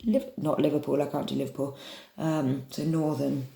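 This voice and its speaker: A woman's voice: deep voice, level tone, moderate pace, vocal fry, warm tone. English woman, drama teacher, encouraging and chatty, echoey home recording. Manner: encouraging, chatty, demonstrates voices. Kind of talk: online drama lesson for children. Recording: echoey room.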